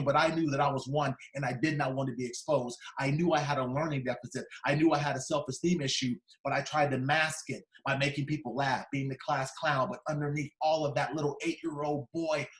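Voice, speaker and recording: A man in his fifties tells his story to a conference hall, his voice sitting a little high for a man. He is dramatic and acts out the people he remembers. The sound rings with the echo of a large room. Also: fairly bright tone. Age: 50s. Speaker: keynote speaker. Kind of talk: personal storytelling speech.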